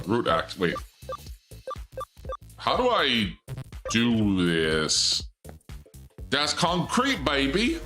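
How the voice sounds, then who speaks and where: A man's voice: lowish voice, bright, forceful tone. A young man streaming a game as a VTuber, rambling in goofy asides, cutting himself off and stammering. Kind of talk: live game stream commentary.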